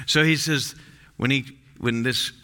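A man preaching an expository sermon, reading scripture slowly with strong emphasis. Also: mid-range voice, steady tone, bright, forceful tone, clear, resonant tone. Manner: emphatic, rising and falling for stress, slow deliberate reading. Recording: long hall reverb.

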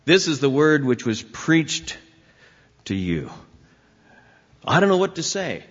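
Slow, husky-voiced preacher in an echoing hall. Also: male voice, sing-song. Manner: emphatic preaching with big swings in pitch and volume. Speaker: pastor. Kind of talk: sermon. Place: church sanctuary. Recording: dull recording with long hall reverb.

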